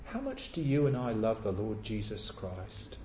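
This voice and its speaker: A man's voice: fairly low pitch, wildly swooping pitch, moderate pace, dark tone, slight background noise. A man preaching a sermon earnestly, asking rhetorical questions and repeating key words for emphasis. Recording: echoey, dull lo-fi church recording.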